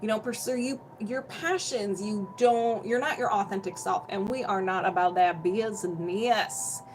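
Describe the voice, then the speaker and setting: A woman's voice: medium pitch, a little slow, slight background noise, low-quality recording. A young woman hosting a casual energy healing livestream at home, bubbly and chatty, greeting viewers by name and laughing often, feeling hot and sweaty. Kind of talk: casual livestream chat and explanation.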